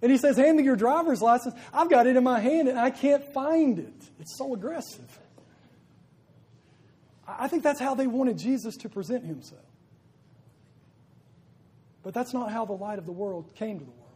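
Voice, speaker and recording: A man's voice: very high voice, lively intonation, normal speed, long pauses, a little mellow, husky. A man preaching a sermon, earnest and building to emphatic peaks, repeating his phrases.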